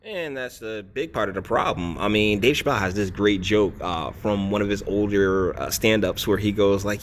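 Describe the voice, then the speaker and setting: A man's voice: moderate pace, few pauses, slight background noise. A man hosting a reaction commentary, mocking and retorting over a clip he plays. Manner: mimics women in a high squeaky voice. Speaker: commentary channel host.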